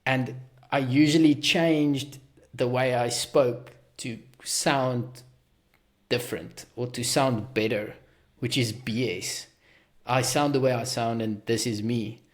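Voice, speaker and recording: A man's voice: medium pitch, steady tone, takes it slowly. A man with a South African accent hosting a podcast, talking in a rambling, self-deprecating way with many restarts. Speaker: podcast host. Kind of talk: casual podcast conversation.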